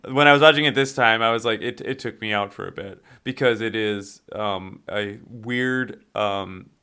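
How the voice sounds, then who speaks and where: Bright-voiced male podcast co-host, rambling. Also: lowish voice. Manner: rambling, many fillers and restarts, asks questions. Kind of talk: casual movie discussion.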